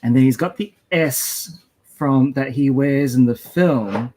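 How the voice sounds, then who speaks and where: A man's voice: medium pitch, slow, darkish tone. A man with an Australian accent, chatting casually on a livestream while drawing, often trailing off mid-sentence. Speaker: comic artist drawing live on stream.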